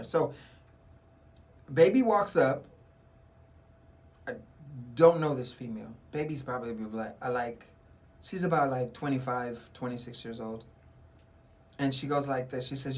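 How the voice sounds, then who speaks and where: Male radio host, casual chat, animated storyteller who plays every part. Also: medium pitch, moderate pace, long pauses. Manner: animated storyteller acting out dialogue. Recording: community radio studio.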